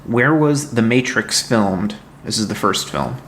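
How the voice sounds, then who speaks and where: Male quizmaster, lowish voice, deadpan teasing delivery, faint background noise. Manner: dry, teasing, reads questions slowly. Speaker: co-host and trivia quizmaster. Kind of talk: casual podcast chat, reading trivia.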